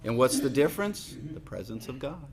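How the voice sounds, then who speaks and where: A middle-aged man preaching a sermon in a conversational way, repeating key lines for emphasis and dropping to quiet asides. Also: medium pitch, big pitch swings, brisk. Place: church hall.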